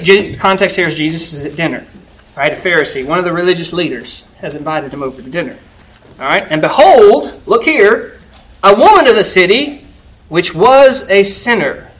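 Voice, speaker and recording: A man preaching a conversational sermon, telling Bible stories with animated delivery and frequent "right?" checks to the congregation. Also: sits high, low-quality recording.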